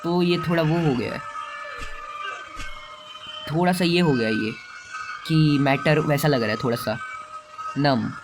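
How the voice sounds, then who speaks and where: A young man chats through a story game and jokes about its characters. He talks very fast in a fairly high voice. Loud game music plays underneath. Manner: fast, joking, chatty. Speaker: gaming channel host. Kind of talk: casual game commentary.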